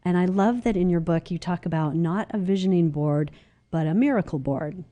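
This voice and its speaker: A woman hosting a podcast interview, affirming her guest with short replies and gentle teasing. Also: on the low side, moderate pace. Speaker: podcast host. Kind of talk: casual interview chat.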